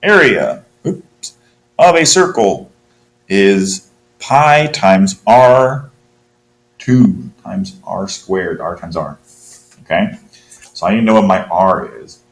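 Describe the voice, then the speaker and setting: Low-voiced man teaching math aloud. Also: lively intonation, takes it slowly, pauses often. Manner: thinks aloud while working, encouraging. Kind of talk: talking through a quiz problem. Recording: roomy with faint hum.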